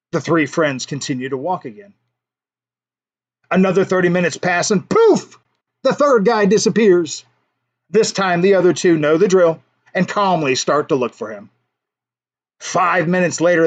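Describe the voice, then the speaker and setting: A man's voice: fairly high pitch, normal speed, a bit bright. A man hosting a casual livestream, telling a joke and chatting with viewers in a playful way, chuckling at his own jokes. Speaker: livestream host.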